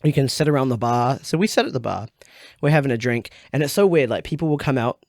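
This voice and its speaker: A man from New Zealand with a New Zealand accent, a podcast guest telling a story in casual chat, animated and laughing often while acting out quotes. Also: medium pitch, quick pace, gravelly, dry recording, studio quality. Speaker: guest streamer.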